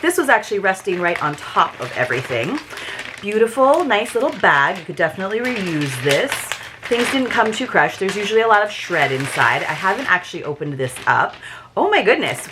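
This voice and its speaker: A woman's voice: medium pitch, a bit bright, slight background noise. A woman chatting in a casual, enthusiastic way as she unboxes a book subscription and reviews it.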